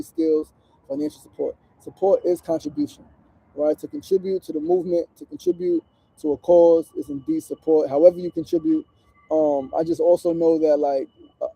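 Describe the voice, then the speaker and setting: This is a man hosting a casual livestream outdoors on a street corner. His voice sits high for a man, yet it sounds gravelly and very dark in tone. He talks earnestly and emotionally, with plenty of swearing. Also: poor audio. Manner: earnest, emotional, profane and conversational. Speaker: livestream host and community organizer. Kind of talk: casual motivational livestream talk.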